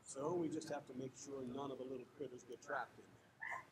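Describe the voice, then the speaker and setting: A plain maintenance worker, very husky. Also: male voice, medium pitch, fairly quick, low-quality recording.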